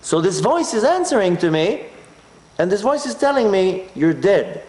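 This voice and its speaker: A man's voice: sits high, moderate pace, roomy sound. A man from Israel, telling a personal story as a talk and acting out his own inner voice. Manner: animated, acts out his inner voice. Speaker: speaker.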